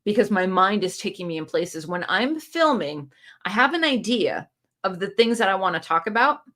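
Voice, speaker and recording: Very animated and a bit bright, a woman's mid-range voice moves at a moderate pace as she hosts her booktube live stream. The casual broadcast, captured on a phone camera, has her reading comments aloud and responding like an encouraging coach.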